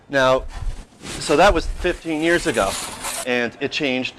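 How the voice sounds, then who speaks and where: A restaurant owner in his fifties talks shop in an easy, anecdotal manner, his voice sitting at an ordinary middle pitch. He tells stories with energy and acts out small quotes. A faint background ambience runs underneath. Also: fairly quick, a little hiss or hum, rough recording. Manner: animated anecdotal, plays out quotes. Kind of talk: casual storytelling interview.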